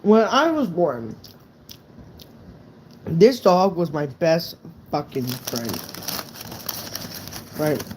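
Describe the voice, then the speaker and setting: A man's voice: on the high side, very animated, extremely slow, pauses often, a little hiss or hum. A young man casually telling a true story on a live stream, rambling and swearing, with lots of "right?" fillers.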